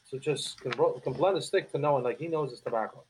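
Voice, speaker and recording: A man's voice: mid-range voice, quick pace, darkish tone, a little hiss or hum, low-quality recording. A man telling stories in casual podcast chat, animatedly acting out coworkers' voices. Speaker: cigar company guest.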